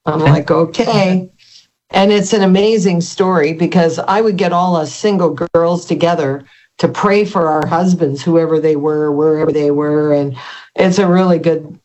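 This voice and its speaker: An older woman, a guest in an interview, telling her personal testimony in an earnest, halting way with many restarts. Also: fairly low pitch, darkish tone.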